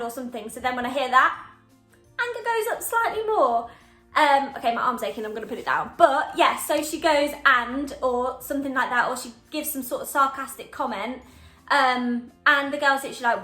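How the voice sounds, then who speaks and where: A young woman telling a storytime vlog in an animated, emphatic way, acting out quoted dialogue. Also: sits high. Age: young adult. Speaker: vlogger. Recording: echoey room, faint background music.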